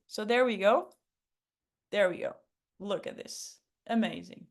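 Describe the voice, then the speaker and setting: A woman's voice: mid-range voice, measured pace, creaky. A woman hosting an online workshop on public speaking, upbeat and emphatic. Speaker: workshop host.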